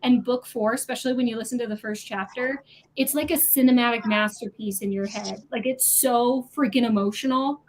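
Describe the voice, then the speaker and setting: A woman hosting a casual online book club chat, gushing and animated about a series. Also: fairly high pitch, fairly quick, a little hiss or hum. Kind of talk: casual group video chat.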